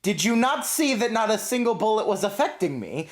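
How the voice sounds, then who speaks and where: A man's voice: high voice, sing-song, brisk. A man playing in a tabletop game, blunt and swaggering in character. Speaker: player. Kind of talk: casual game play.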